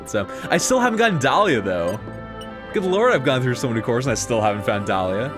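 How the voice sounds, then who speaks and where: A man rambles through live game-stream commentary, full of fillers and playful slang. His voice swoops up and down with lively pitch, and faint game music plays behind him. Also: a little fast.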